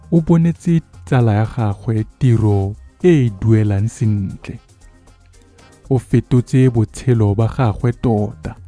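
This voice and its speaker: A man narrating a scripted story in a measured, even reading. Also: lowish voice.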